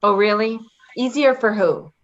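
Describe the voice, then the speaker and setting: A woman's voice: mid-range voice, unhurried, muffled recording, close to an everyday voice. A woman in a readers theater reading, playing a blunt, defensive live-in caregiver who answers with sarcasm. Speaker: actor in a staged reading.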